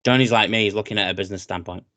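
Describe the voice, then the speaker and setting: A British man co-hosting a casual wrestling podcast, chatty and excitable, often saying "mate". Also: fairly low pitch, racing, no room sound. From Britain. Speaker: podcast co-host.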